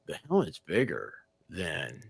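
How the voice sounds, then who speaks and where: Rambling storyteller man with swooping pitch. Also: wildly swooping pitch, unhurried, gravelly, breathy edge, dry recording. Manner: rambling anecdotes, acts out quotes, laughs mid-sentence. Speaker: livestream co-host. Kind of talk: casual storytelling chat.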